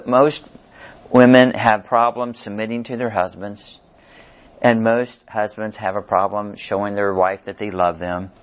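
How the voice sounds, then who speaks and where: Older guy with a real low voice running a bible study, chatty and jokey, kinda dull lo-fi sound. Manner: conversational, jokey, tells stories with acted dialogue. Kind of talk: casual Bible study teaching.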